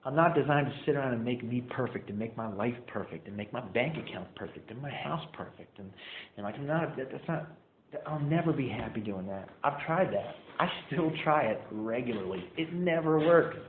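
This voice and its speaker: A young man tells a meeting group about his own recovery, speaking at a brisk clip with a medium-pitched voice and peppering his animated, casual story with "like" and "man." The room echoes, and the sound arrives thin and tinny, as if over a phone, with faint background noise.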